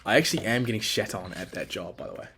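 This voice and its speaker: A man's voice: fairly low pitch, animated, fast talker, bright, forceful tone, slight background noise. A young man, rambling through a casual, profane and self-critical solo podcast monologue. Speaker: podcast host.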